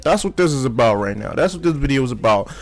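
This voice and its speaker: A man's voice: mid-range voice, animated, fast talker, soft background music. A man giving joking, profane gameplay commentary as a gaming YouTuber.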